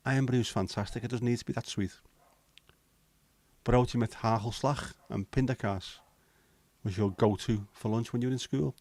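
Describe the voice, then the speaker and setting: A man's voice: medium pitch, steady tone, normal speed, darkish tone, dry recording. A man, hosting a casual livestream chat, bantering with viewers and swearing casually. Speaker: livestream host.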